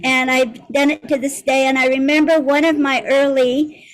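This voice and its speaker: A woman with a high, light voice speaks on a video call. She tells her story in an earnest, reflective way. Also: flat delivery, moderate pace, poor audio. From United States. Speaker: community member sharing a story. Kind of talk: casual testimonial on a group call.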